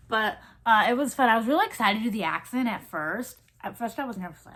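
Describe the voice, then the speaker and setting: A woman's voice: mid-range voice, animated, brisk, a bit bright. A young woman with a Southern American accent talks casually to her viewers. She rambles in a chatty way, filling gaps with ums and likes and starting sentences over as thoughts come to her. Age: 20s. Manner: chatty, rambling, many fillers and restarts. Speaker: vlogger. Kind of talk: casual chat.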